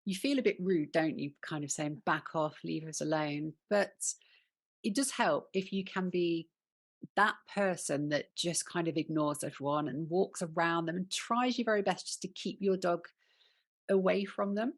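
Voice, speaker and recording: Woman, podcast host, lowish voice, conversational, advice-giving. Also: normal speed. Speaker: podcast host and dog trainer. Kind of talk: podcast interview.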